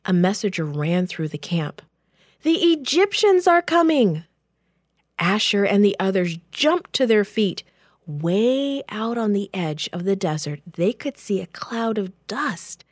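A woman tells a children's Bible story in a gentle, expressive read-aloud manner. She takes her time and lets each phrase land slowly. The sound is dry and close to the mic. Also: mid-range voice, dry recording.

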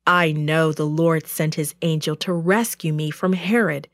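A woman voicing a calm grown man, a freed prisoner, in a storybook reading, steady and earnest. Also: sits low, unhurried, no room sound, clean studio sound.

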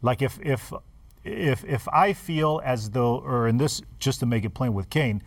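A man's voice: mid-range voice, animated, measured pace, creaky, no echo. Man explaining in Bible discussion, dry sound. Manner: explanatory, checks in with "right?". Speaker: discussion panelist. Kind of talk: casual Bible study discussion.

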